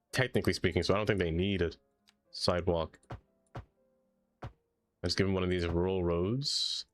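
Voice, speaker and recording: Chatty man narrating his game. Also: low-pitched. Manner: chatty, jokes to himself. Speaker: streamer. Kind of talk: casual gameplay commentary.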